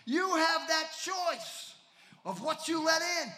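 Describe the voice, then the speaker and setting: A man preaching a sermon, swinging from shouts to near whispers and calling out to the congregation. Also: very high voice, lively intonation, slow pace.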